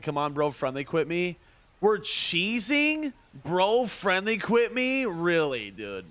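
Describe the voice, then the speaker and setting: A man's voice: fairly high pitch, fairly bright tone, clear, resonant tone. A man streaming a baseball video game, joking and ribbing his chat in casual commentary. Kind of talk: casual livestream gaming commentary.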